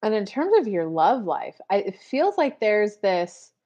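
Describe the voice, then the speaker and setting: A woman's voice: mid-range voice, very animated, unhurried, dark tone, highs cut off. A woman, a spiritual coach hosting a casual live show and chatting straight to her viewers with many fillers. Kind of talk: casual live-stream chat.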